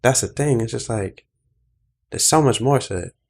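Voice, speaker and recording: A man's voice: medium pitch, normal speed, creaky, darkish tone. A man hosting a podcast, talking in an earnest, reflective way that speeds up when he gets stirred. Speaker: podcast host. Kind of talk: casual conversation.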